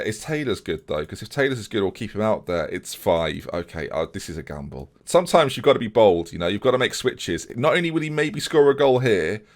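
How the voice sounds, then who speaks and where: A young man commentating his own video game match, fretting one moment and shouting the next. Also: fairly low pitch. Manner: excitable, swings from fretting to shouting.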